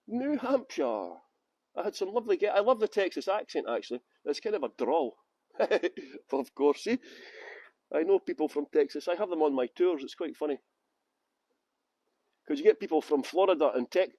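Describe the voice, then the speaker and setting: Man, from West Yorkshire, tour guide, live-streamed walking tour, chatty and joking, greets viewers by name, high voice, dry sound. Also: expressive, fairly quick, mellow, dry recording. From Halifax, West Yorkshire, England. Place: outdoors on city streets.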